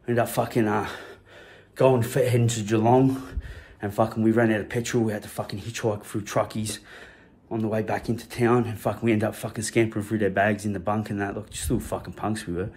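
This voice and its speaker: A man's voice: fairly low pitch, darkish tone. A man with an Australian accent, telling a personal story in a rambling, slang-heavy way full of swearing. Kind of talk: casual anecdote telling.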